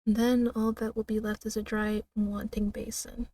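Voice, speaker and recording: Woman reading a game aloud dramatically, mellow tone. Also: mid-range voice, flat delivery, dry recording, recorded from a distance. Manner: slow, dramatic reading broken by laughs and asides. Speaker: streamer.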